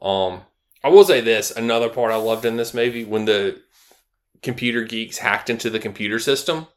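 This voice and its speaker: A man in his thirties co-hosting a casual podcast, telling stories and jumping high in pitch when he quotes people. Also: normal speed. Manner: animated storytelling, jumps high when quoting people. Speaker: podcast co-host. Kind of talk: casual chat.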